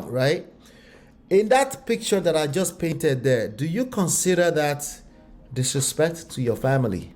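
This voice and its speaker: A man commenting on a relationship video, animated and full of rhetorical questions. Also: on the high side, unhurried. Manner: animated, rhetorical questions, slips into acted voices. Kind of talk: reaction commentary.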